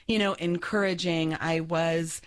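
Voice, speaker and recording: Earnest low-voiced woman guest. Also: steady tone, unhurried. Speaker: guest, life coach. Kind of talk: radio interview.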